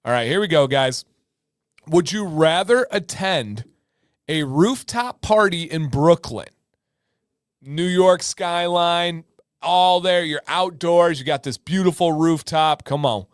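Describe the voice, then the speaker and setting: A man hosting a livestream in casual chat, energetic and talkative, often repeating words for emphasis. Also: a little high, a little slow, no echo, clean studio sound. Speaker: livestream host.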